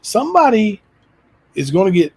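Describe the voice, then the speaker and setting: A man's voice: high-pitched, very animated, normal speed, vocal fry, darkish tone, husky. A man hosting his own livestream channel, chatting loosely with frequent fillers. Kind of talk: casual chat.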